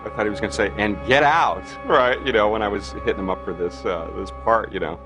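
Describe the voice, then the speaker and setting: A man's voice: on the low side, fast talker, over music. A man in an interview telling anecdotes animatedly, acting out quoted dialogue with many fillers. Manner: animated, acts out quoted dialogue, frequent "you know". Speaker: interviewee recalling film work. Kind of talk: anecdotal storytelling.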